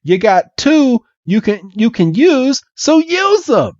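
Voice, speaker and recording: A man's voice: very high-pitched, big pitch swings, takes it slowly, darkish tone, dry recording, highs cut off, voice pushed up, heavily acted. A man voicing a folksy Southern male Pokémon expert in a put-on Southern accent, with a drawling, hollering manner. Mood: folksy, bossy. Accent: put-on Southern American.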